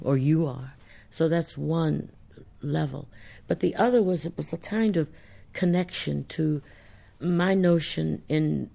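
A woman author answering audience questions in a reflective, thoughtful way, pausing as she searches for words. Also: sits low, gravelly, dark tone. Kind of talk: reflective studio talk.

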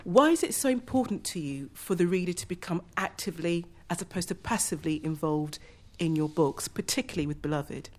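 A woman's voice: on the low side, a little fast, hardly any pauses. A woman from southeast England in the audience, asking a prepared question in an articulate, slightly self-deprecating way.

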